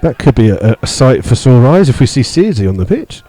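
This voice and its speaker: A man giving live radio football commentary from the stand, steady play-by-play with many fillers, rising sharply when he disputes a call. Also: medium pitch, a little fast, no room sound, poor audio. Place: stadium stand among fans.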